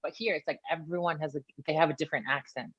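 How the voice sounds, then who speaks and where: A woman's voice: low-pitched, quick pace, husky, no room sound. A young woman with a Canadian accent, chatting as an interview guest and using lots of fillers. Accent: Canadian English. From Philippines. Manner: chatty, many fillers, animated retelling. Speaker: guest, wrestler. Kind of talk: casual interview chat. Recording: dull lo-fi call audio.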